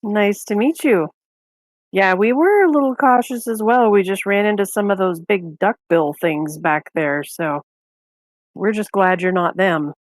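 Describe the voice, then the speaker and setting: A woman talking casually as a player at a tabletop game, chatty and quick to apologize. Her voice sits in a middle range. The sound is dry, with no room echo. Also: mid-range voice.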